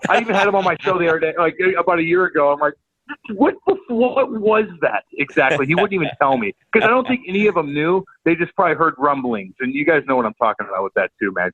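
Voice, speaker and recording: A man's voice: on the high side, fast talker, a bit bright, no echo. A man from St. Louis, a former hockey enforcer telling stories as a podcast guest, profane and stammering with repeated words. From St. Louis, USA. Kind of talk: casual chat, storytelling. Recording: tinny phone-like line, dry.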